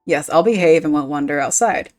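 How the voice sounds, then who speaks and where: A woman's voice: low voice, a little fast, a little mellow, faint music behind, close to an everyday voice. A woman voicing a contrite young village girl, reading game dialogue aloud.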